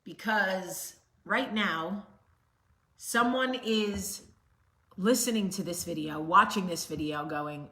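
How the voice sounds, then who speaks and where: A woman's voice: mid-range voice, slow, pushed and bright. A woman host giving a blunt, sassy motivational talk straight to the camera. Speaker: vlog host. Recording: roomy echo.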